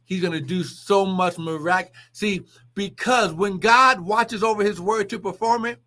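A male preacher delivers a livestreamed sermon with a high, bright, forceful voice. He preaches fervently, breaking into exclamations and repeating key phrases. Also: steady tone, unhurried.

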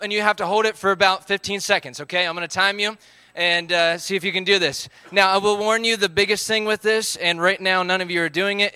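A man's voice: high-pitched, pushed and bright, clear, resonant tone, dry recording. A man, leading a live group game, upbeat as he calls out counts and instructions.

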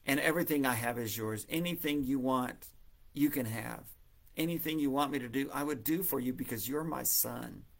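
A man's voice: mid-range voice, fairly even intonation, normal speed, fairly bright tone, lightly acted. A man doing a joyful loving old father. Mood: tender. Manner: exuberant, generous. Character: loving, joyful older father welcoming his son.

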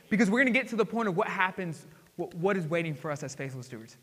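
A man pastor preaching a sermon, often asking the congregation questions and swinging between loud emphasis and quiet asides. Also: high-pitched, fast. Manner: call-and-response questions to the congregation. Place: church sanctuary. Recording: long hall reverb.

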